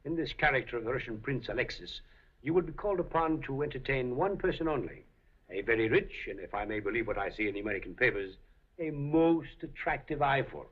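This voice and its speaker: An actor playing a suave, scheming café proprietor in a 1930s film, speaking in an urbane, deliberate way. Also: male voice, medium pitch, lively intonation, breathy edge. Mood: sly. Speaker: café owner. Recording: dull 1930s film soundtrack.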